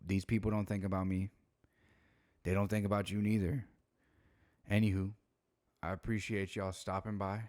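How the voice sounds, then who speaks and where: Tired, deep-voiced man rambling late at night. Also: level tone, normal speed, pauses often, a little mellow, no echo, studio quality. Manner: laid-back, slangy, rambling with frequent fillers. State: tired, yawning. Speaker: commentary YouTuber. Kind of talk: late-night casual commentary.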